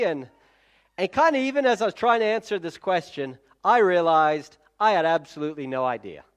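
A man's voice: sits high, sing-song, moderate pace. A man preaching a conversational sermon as a pastor, talking straight to his listeners and often restarting his sentences. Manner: chatty, self-correcting, direct address to listeners.

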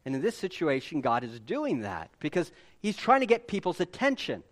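Animated preaching man. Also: on the high side, moderate pace. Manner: animated preaching, emphatic repetition. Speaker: pastor. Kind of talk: sermon.

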